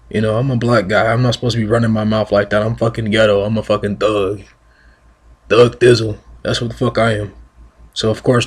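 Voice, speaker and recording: A man's voice: lowish voice, husky. A man giving a heated, emphatic, profane monologue rant on his own channel, speaking into a single mic. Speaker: vlogger.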